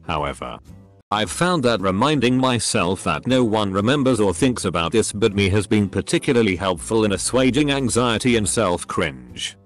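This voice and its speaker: A man steadily reading out posts as a scripted narration. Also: on the low side.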